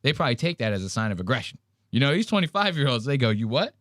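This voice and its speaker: A man hosting a podcast, telling a story in casual banter with crude, animated mocking impressions. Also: mid-range voice, rapid-fire, no room sound, studio quality. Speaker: podcast host.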